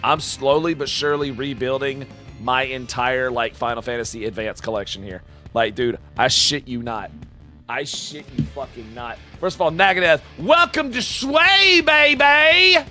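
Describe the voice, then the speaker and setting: Man, live streamer, bright forceful voice, profane and hyped, loud whoops and quiet asides, faint music behind. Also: mid-range voice, moderate pace. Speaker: live-streamer reacting to game announcements. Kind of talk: excited live-stream chat. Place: home streaming room with shelves of games.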